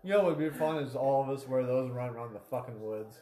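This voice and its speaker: A man's voice: mid-range voice, quick pace, dark tone, roomy sound. A man joking casually and swearing in a podcast chat.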